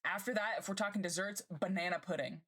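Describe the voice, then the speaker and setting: A woman streamer chatting casually with her live chat, bubbly and gushing and quick to laugh. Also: medium pitch, steady tone, fairly bright tone.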